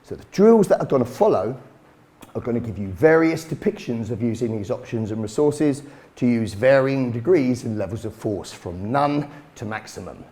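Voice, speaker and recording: Blunt self-defence instructor. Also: male voice, mid-range voice, lively intonation, moderate pace, warm tone. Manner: blunt, swears casually. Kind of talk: instructional talk.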